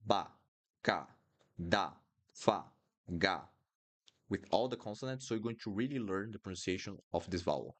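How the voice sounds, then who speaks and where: A man's voice: fairly low pitch, a little mellow. A man with a Brazilian accent, a native Portuguese speaker, teaching pronunciation in a live online lesson and patiently repeating words for drills.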